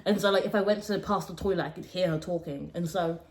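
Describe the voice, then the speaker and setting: A young woman frankly telling a personal story as a podcast co-host, animated and quick to laugh. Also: on the low side. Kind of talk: casual storytelling chat.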